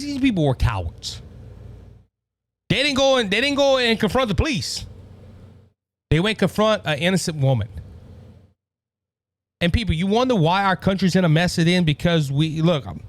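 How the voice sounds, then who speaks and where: A man's voice: high voice, big pitch swings, normal speed, pauses often. A man with a Cajun accent hosting a conservative political commentary show, talking in an impassioned, repetitive way with many stammered restarts. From Louisiana. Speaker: podcast host.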